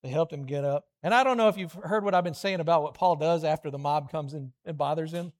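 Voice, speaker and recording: A man, middle-aged, preaching a lively children's sermon, animated storytelling with playful voiced asides. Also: on the high side, fast.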